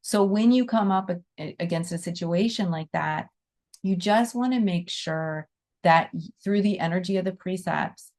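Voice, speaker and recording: Soft-spoken woman teaching gently. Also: lowish voice, moderate pace. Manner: earnest, soothing, with frequent "right?" and "you know". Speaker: animal Reiki teacher. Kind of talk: informal teaching talk.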